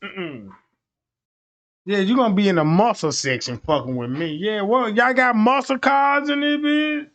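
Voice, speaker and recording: A man's voice: high voice, measured pace. A man livestreaming, telling stories casually in heavy street slang and acting out the voices of the people in them. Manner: animated, acts out voices of people in his stories. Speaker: livestream host.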